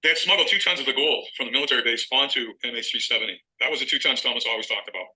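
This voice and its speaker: A man's voice: medium pitch, racing, bright, forceful tone, low-quality recording. A middle-aged man telling a long story in an interview as a guest author, acting out phone calls as he goes.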